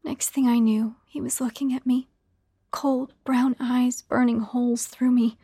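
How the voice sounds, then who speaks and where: A woman narrating a first-person horror story in a hushed, half-whispered delivery. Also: on the high side, flat delivery, unhurried, husky, no echo.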